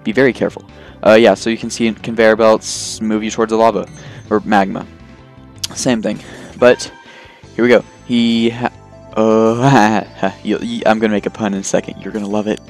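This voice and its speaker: As a let's play host, a man gives casual, rambling commentary on his gameplay, joking at his own expense with plenty of fillers. His lowish voice has little pitch movement at normal speed, and faint game music plays behind him.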